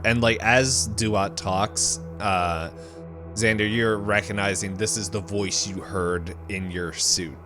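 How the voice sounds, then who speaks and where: A man with a lowish voice runs a tabletop space game, describing the scene in a loose, laughing way. Music plays under his voice. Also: takes it slowly. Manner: laughing, relaxed. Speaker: game master. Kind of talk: casual tabletop game narration.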